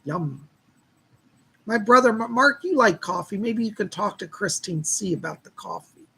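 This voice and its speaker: Gravelly, strained-voiced man chatting live. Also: high-pitched, animated, normal speed, bright, forceful tone. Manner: chatty and folksy, greets viewers by name. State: strained, tired voice. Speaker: psychic reader hosting a live stream. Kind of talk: casual live-stream chat.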